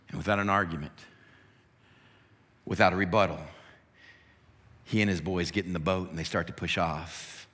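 A man preaching, painting a scene in dramatic, unhurried detail. His voice is low-pitched yet bright and forceful. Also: fairly even intonation, in a large hall. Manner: vivid, dramatic narration. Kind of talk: sermon storytelling.

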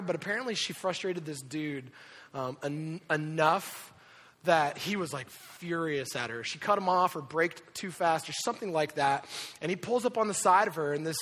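Man preaching in an echoing hall. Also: fairly high pitch. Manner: storytelling, animated asides and impressions. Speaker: pastor. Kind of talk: sermon with personal story. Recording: reverberant hall.

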